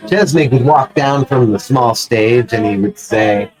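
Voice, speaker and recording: A man's voice: medium pitch, a little slow, hardly any pauses, a crowd in the background, poor audio. A man telling a profane, rambling story as a player in a tabletop game.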